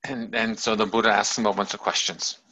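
A man's voice: fairly low pitch, fairly even intonation, brisk, pushed and bright, husky. A man telling a story in a loose, rambling, casual way, in a dull lo-fi recording. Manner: loose and rambling, many fillers and restarts.

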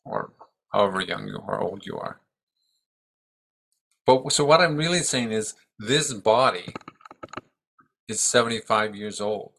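Older male teacher, 70s, bright clear tone, reflective, pausing speech. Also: on the low side. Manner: thoughtful, halting, restarts often. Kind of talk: reflective dharma talk.

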